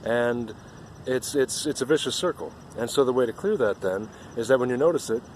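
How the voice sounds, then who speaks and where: A man's voice: mid-range voice, brisk, darkish tone, a little hiss or hum. A man giving an earnest, rambling spiritual monologue outdoors, often repeating himself.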